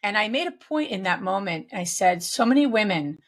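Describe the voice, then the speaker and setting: A woman's voice: medium pitch, lively intonation, fairly quick. A woman guest in a conversational interview, speaking reflectively with frequent restarts and fillers. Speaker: guest, real estate investor.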